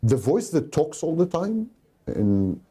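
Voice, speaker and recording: Man, lecturer, husky and lively in pitch, emphatic and repetitive. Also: slow. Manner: didactic, emphatic, repeats key phrases. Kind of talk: recorded talk.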